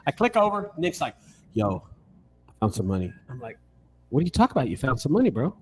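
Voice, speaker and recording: A man's voice: medium pitch, wildly swooping pitch, fast, a little hiss or hum. A man hosting a casual chat, joking and telling a story with animation. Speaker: host. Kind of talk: casual video call chat.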